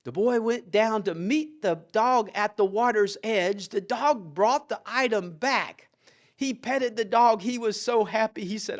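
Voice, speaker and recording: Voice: mid-range voice, measured pace. A storyteller telling a plain-spoken inspirational tale with a homely, folksy manner.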